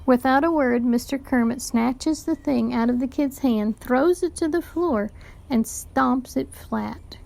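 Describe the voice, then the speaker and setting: A woman teacher reading a children's novel aloud to a class, with lively storytelling narration. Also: high-pitched, measured pace, creaky.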